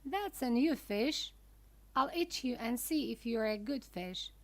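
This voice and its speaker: A gruff, greedy fisherman from a children's storybook, blunt and slow-spoken, as a woman reader voices him. The sound is close and dry, with a somewhat high voice. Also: lively intonation, no room sound.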